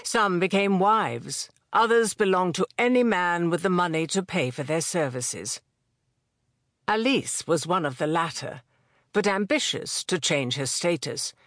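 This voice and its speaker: Measured audiobook narrator, dry studio sound. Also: mid-range voice, a bit bright, no echo.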